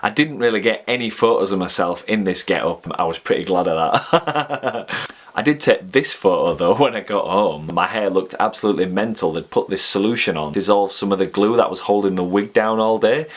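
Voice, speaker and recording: A man's voice: lowish voice, brisk. A young man with a Yorkshire accent, chatting casually and jokily as a video host. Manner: chatty, jokey, laughs often. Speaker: YouTube host. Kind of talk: casual chat.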